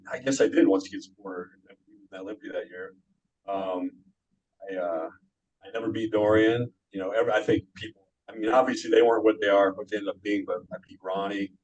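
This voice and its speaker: Modest male interview guest, low voice, lo-fi recording; reflective and halting. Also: fairly even intonation, a little mellow. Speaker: guest, former pro bodybuilder. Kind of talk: casual interview chat.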